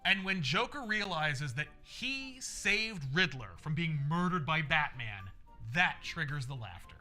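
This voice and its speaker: A man streaming, animatedly retelling a story in casual chat, fast and loose with swearing. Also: fairly high pitch, animated, pushed and bright, faint music behind.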